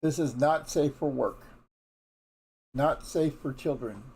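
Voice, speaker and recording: A man's voice: fairly high pitch, slow pace, darkish tone, husky. A man giving a casual morning Bible devotion in a frank, folksy, conversational way, often restarting his sentences. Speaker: devotional teacher.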